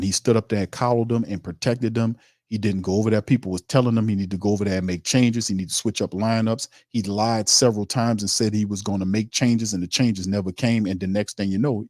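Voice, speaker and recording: A man's voice: lowish voice, darkish tone, no room sound, clean studio sound. A man hosting a sports talk stream, reading chat comments and ranting emphatically in informal, streetwise speech. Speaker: sports show host.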